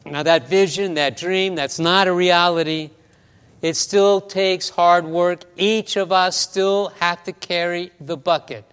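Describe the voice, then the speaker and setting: A man's voice: sits high, fairly even intonation, takes it slowly, a bit bright, smooth, long reverb tail. A man pastor preaching a sermon, telling a story with many stammers and restarts, in a church.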